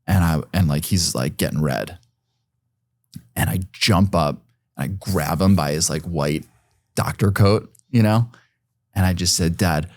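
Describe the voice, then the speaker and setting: A man's voice: rumbling low, measured pace, a little mellow, no room sound, clean studio sound. A man in his forties, a podcast guest, telling a personal story in a rambling, casual way, full of fillers and some swearing.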